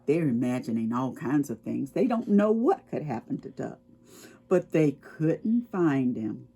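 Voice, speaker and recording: A woman's voice: rumbling low, creaky, slightly rough. A woman reading a picture book aloud to preschoolers, explaining words and asking the children questions as she goes. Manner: expressive, slow and explaining to children. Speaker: children's storytime reader.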